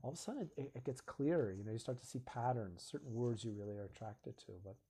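A man hosting a live stream talks in an earnest, reflective way. His voice is mellow and a little husky. He slips into short acted-out exchanges as he explains. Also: medium pitch, fast talker. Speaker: host of a live video stream. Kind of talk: casual live-stream talk.

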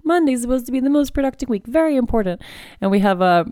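A woman hosts a podcast of casual personal chat, speaking fast in an expressive, dark-toned voice on the high side. The sound is clean studio quality with no room sound, and she talks candidly with frequent "like" and "you know."

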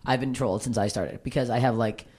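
Fast-talking blunt woman with a low voice. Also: fairly even intonation, a little mellow, slightly rough. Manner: blunt, swearing freely. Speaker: comedian and podcast guest. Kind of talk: candid casual conversation.

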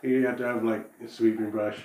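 A man's voice: on the low side, a little fast, a little hiss or hum. A man co-hosting a casual veterans' podcast, laughing a lot as he swaps stories from army training. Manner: laughs often, relaxed storyteller. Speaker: podcast co-host. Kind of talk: casual chat. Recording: roomy echo.

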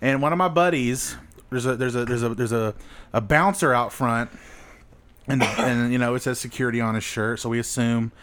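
A man's voice: medium pitch, moderate pace, noisy background. A young man telling crude, funny stories in casual chat and acting out the people in them. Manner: crude, laughing, acts out voices in stories. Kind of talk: casual storytelling.

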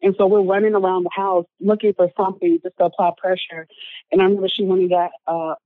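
A woman's voice: medium pitch, level tone, fast, no room sound. Woman, interview guest, earnest storyteller, tinny phone-like sound. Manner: earnest, frequent filler words. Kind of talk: personal story told in conversation. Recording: narrow phone-like sound, dry.

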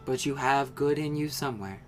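A game master voicing a curious, kindly ancient female tree dryad, speaking softly and slowly with a sense of wonder. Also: mid-range voice, faint music behind, natural voice. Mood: gentle, judging. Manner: soft, slow and wondering.

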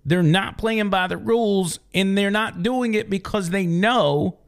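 A man with a high, unhurried voice hosts a political opinion show. His monologue is emphatic and mocking, and he repeats words for effect.

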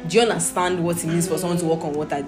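A woman's voice: lowish voice, steady tone, racing, music in the background. A woman teaching a Bible study, reading scripture aloud and explaining it patiently, asking her listeners questions.

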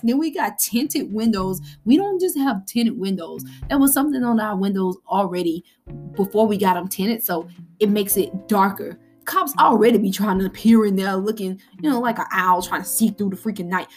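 A woman hosting a podcast, talking casually to her listeners, animated and laughing often between exclamations. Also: a little high, moderate pace, faint music behind. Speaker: podcast host.

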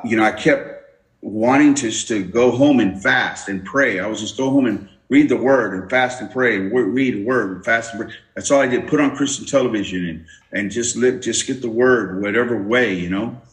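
A man's voice: mid-range voice, moderate pace. A man giving his testimony as an interview guest, telling his story with many restarts and acting out the voices he quotes. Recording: roomy echo.

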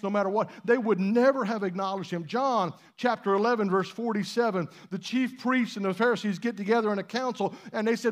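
A man preaching a sermon in church, conversational and emphatic, with rhetorical questions. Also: high voice. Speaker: pastor.

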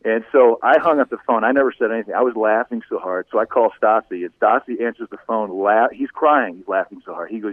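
A middle-aged man, a former sportscaster and guest, telling stories conversationally, animated and laughing often. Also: lowish voice, fast, few pauses, no echo. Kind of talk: conversational storytelling. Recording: tinny phone-like line.

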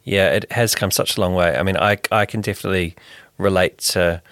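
A New Zealand man with a very deep voice asks questions in an easy, halting manner, often with small nods of agreement. The voice is close and dry. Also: steady tone, a bit bright, no echo. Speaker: interviewer. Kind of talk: casual interview chat.

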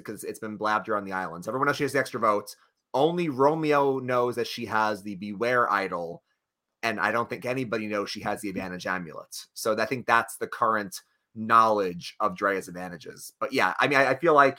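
A podcast co-host chats casually with his partner about the week's episode, rambling loosely, restarting sentences often and leaning on fillers. His voice is on the low side, with a bright, clear tone.

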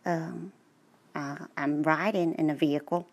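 A woman voicing a plant questioned by a cop, answering hesitantly with ums, a bit lower and softer than her usual voice. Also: steady tone, measured pace.

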